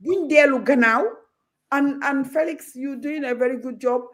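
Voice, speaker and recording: A woman's voice: sits high, normal speed, a bit bright. A Gambian woman talking as a guest on a talk show, outspoken and passionate, moving freely between Wolof and English.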